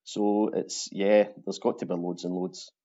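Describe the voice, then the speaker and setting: A man with a thick Glaswegian Scottish accent talks casually as an interview guest, stumbling through restarts and fillers. His voice is dark and mellow. The recording sounds dull and lo-fi. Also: sits low, little pitch movement, unhurried. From Scotland. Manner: chatty, with many restarts and fillers. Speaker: interview guest, truck driver.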